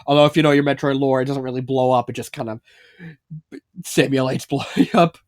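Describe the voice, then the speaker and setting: A man reviews fanfiction briskly in a medium-pitched, level voice, recorded dry at studio quality. His talk is casual and rambling, loaded with fillers and profanity, and broken up by lots of laughter.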